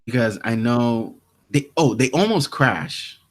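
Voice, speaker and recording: A young podcast co-host casually recaps TV scenes, acting out the characters' lines and restarting often. His medium-pitched voice is animated and a little slow.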